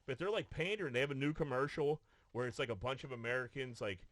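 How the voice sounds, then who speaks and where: A man's voice: medium pitch, quick pace, fairly bright tone, no room sound. A man co-hosting a podcast, telling a profane story with lots of restarts and acted-out quotes. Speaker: podcast co-host. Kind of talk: casual chat. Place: podcast studio.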